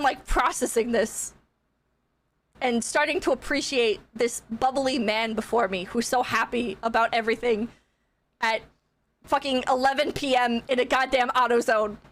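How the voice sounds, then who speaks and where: A young woman streamer tells a story in a high, bright-pitched voice. She is animated and casual, swears freely, and laughs through her telling. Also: measured pace, pauses often.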